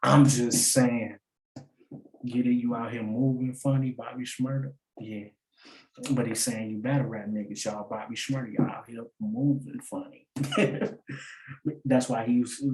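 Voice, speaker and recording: Male host, casual lyric-breakdown commentary, mellow tone, echoey room. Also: mid-range voice, fairly even intonation, measured pace, slight background noise. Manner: explains by repeating lines and asking "get it?"; loose and slangy, laughs at his own points. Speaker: battle rap breakdown host.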